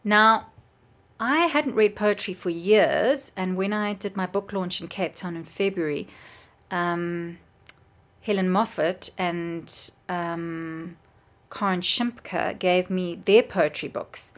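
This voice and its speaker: A woman's voice: fairly low pitch, takes it slowly. A middle-aged woman, chatting casually and enthusiastically with lots of ums. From South Africa. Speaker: book vlogger and author. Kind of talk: casual chat.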